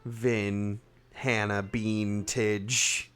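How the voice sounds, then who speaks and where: A man's voice: on the low side, flat delivery, very slow, a bit bright, clean tone, soft background music. A man in his thirties, chatting casually and teasingly while streaming a game, laughing often.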